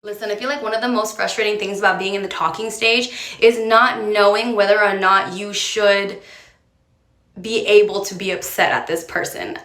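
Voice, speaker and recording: A woman's voice: medium pitch, fairly even intonation, normal speed, a bit bright. A woman giving casual, direct advice to camera in a chatty way, coaxing the listener along. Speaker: advice creator. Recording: roomy echo.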